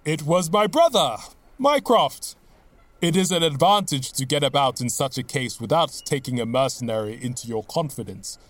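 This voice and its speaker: A man reading an audiobook, voicing a brisk, cool-headed middle-aged detective with a dry, measured manner. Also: a little high, lively intonation, a bit bright, no room sound. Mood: assured.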